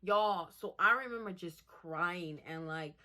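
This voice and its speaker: Chatty, bright-voiced young woman. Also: on the low side, a little slow. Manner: chatty, animated, addresses viewers as y'all. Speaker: vlogger. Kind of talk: casual storytime vlog.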